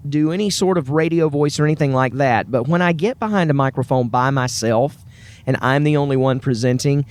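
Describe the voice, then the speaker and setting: A man's voice: mid-range voice, brisk. A man with a Southern US accent hosts his own podcast, talking alone to listeners in an earnest, upbeat, chatty way. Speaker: podcast host. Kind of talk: solo podcast monologue.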